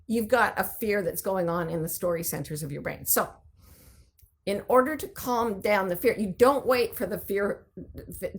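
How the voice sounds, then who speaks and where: Woman host talking it through like a lesson, bit of fry in her voice, lively examples. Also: medium pitch. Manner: animated, explaining with vivid examples. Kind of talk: conversational teaching talk answering listener questions.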